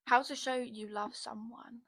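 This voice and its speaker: A young woman with a fairly high voice rambles through a casual solo podcast, chatty and blunt, dropping swear words freely. She speaks close into a podcast microphone, and the sound is dry with no room echo. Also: fairly even intonation, unhurried, a bit bright. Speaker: podcast host.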